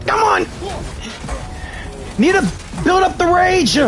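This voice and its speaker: Sex: male. Role: gaming streamer. Style: live gameplay commentary, loud and excitable, very high-pitched shouts. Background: game music. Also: slow.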